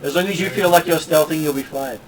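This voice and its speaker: A man's voice: fairly high pitch, fast, far from the mic, a crowd in the background, low-quality recording. A man narrating a tabletop game as game master, rambling along with many fillers.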